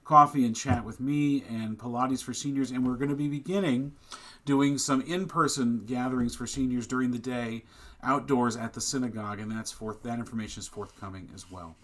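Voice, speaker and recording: A male rabbi giving a sermon at a streamed service. His voice sits at an ordinary middle pitch and shifts from casual announcements to earnest, impassioned preaching. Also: moderate pace, fairly bright tone. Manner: plain and conversational in announcements, rising to impassioned preaching. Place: synagogue service, streamed online.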